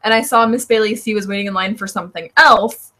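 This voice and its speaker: A woman's voice: medium pitch, steady tone, fast talker, pushed and bright. A woman co-hosting a casual podcast chat, playful and giggly as she tells stories.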